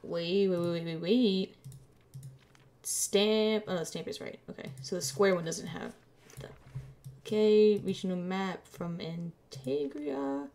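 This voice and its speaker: Slow, gravelly woman streamer muttering. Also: lowish voice, dark tone. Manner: muttering to herself while checking documents, playful. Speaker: gameplay streamer. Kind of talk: casual let's-play commentary.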